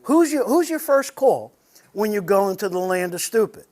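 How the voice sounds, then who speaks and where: In a meeting room with a live audience, a man gives a conversational sermon to a men's group, earnest and personal and speaking directly to those present. His voice is high and somewhat dark in tone, with lively intonation and a moderate pace.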